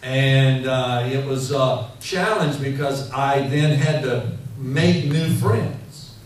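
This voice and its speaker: Preacher in a very echoey hall. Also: male voice, medium pitch, takes it slowly. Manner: rambling, animated storytelling with many fillers. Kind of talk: sermon. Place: church hall. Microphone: handheld mic. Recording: echoey hall, mic heard from far off, faint noise.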